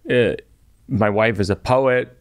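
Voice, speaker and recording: A man's voice: fairly low pitch, slow pace. Thoughtful middle-aged male podcast host. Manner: thoughtful, laughs easily, builds ideas aloud. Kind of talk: casual podcast chat.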